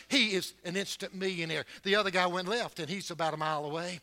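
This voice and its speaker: A man preaches in a church building, surging up loud and then dropping low, speeding up and slowing down for emphasis. His voice sits high for a man and has a strikingly bright, sharp edge. It is a sermon delivery, direct and urgent toward the congregation. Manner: emphatic preaching with wide swings in loudness and pace.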